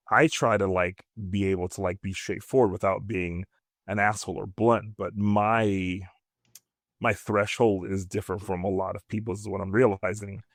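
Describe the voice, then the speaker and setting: A man co-hosting a casual podcast, talking quickly and thinking out loud with fillers and restarts. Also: lowish voice, dry recording, clean studio sound. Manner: quick, self-reflective, many fillers and restarts. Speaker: podcast co-host. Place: podcast studio.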